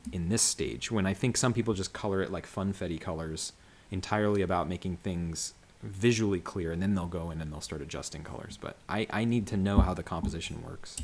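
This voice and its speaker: A man's voice: low voice, darkish tone, slight background noise. A man coloring comics on a livestream, talking casually about his process in a rambling way full of fillers and restarts. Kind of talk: casual livestream commentary while working.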